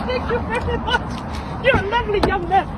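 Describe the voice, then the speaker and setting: A woman's voice: very high voice, fairly quick, a loud crowd. A woman playing a fussy, overly polite lady asking a stranger to push her broken-down car, giggling as she goes. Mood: coaxing. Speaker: prankster posing as stranded driver. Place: outdoors on a city street. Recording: outdoor street recording with traffic noise. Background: street traffic and passersby.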